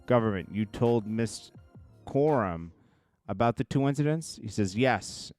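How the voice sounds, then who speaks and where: A man reading court testimony aloud in a casual commentary style, in a low murmur broken by quick reactions. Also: lively intonation, dry recording, soft background music. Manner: reads quotes in a low murmur, then reacts loudly with laughs.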